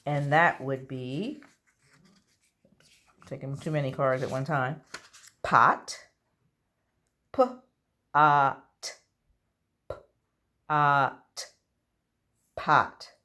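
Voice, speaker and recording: A woman's voice: extremely low pitch, steady tone, slow, long pauses, bright, forceful tone. A woman teaching an online phonics lesson to young children, sounding out letters patiently and praising correct answers. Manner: encouraging, checks in with children.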